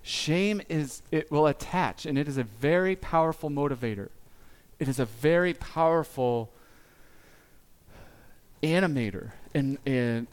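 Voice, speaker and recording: A man giving a sermon as pastor, speaking earnestly and confessionally, with pauses and small restarts. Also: a little high, clean tone.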